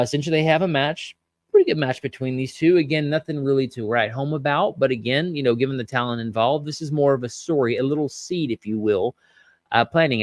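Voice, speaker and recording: A man with a medium-pitched voice hosts a podcast, casually recapping and commenting on a wrestling show. He's chatty, uses lots of fillers, and reads out viewer comments. The recording is dry with a clean studio sound.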